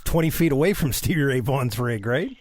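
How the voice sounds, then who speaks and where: Male co-host, average pitch, keen, casual and halting. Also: animated, a little mellow. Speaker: podcast co-host. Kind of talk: casual chat.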